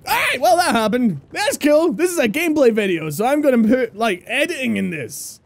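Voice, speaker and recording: A young woman giving loud, excitable gameplay commentary, swearing and laughing often. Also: sits high, fairly quick, hardly any pauses, a crowd in the background. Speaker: gameplay streamer.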